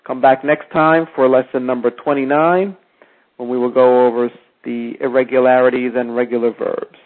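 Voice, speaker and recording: Man, language teacher, casual spoken lesson, repeats phrases slowly, thin narrow-band sound. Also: mid-range voice, little pitch movement. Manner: repeats example phrases slowly, with small self-corrections. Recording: tinny phone-like audio.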